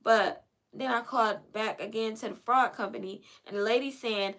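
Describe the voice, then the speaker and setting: High, bright, gravelly-voiced woman. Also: moderate pace. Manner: animated, acts out both sides of phone calls. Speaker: podcast host. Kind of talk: casual storytelling to listeners. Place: her own room, seated in a chair.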